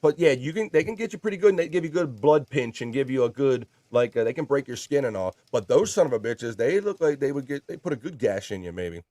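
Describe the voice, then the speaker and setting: A man's voice: medium pitch, lively intonation, fast, hardly any pauses, mellow, no echo. A man hosting a casual livestream, chatting and reading viewer comments aloud in a jokey, playful way. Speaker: livestream host.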